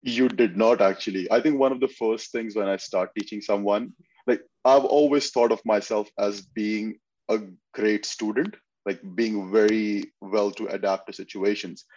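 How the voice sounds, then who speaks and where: Low-voiced earnest coach on a dull, dry mic. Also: male voice, steady tone, darkish tone. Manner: earnest, measured, explains step by step. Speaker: fitness posing coach. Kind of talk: casual interview talk.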